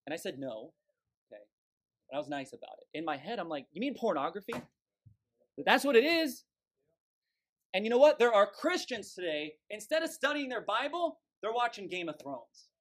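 A man preaching a sermon from the pulpit, forceful and emphatic, scornful toward those he condemns. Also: sits high, sing-song, a little fast. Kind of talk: fiery sermon.

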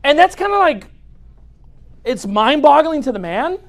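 A man preaching a humorous sermon as a pastor in a church, speaking straight to the audience in a lively, joking way. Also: very high-pitched, a little slow.

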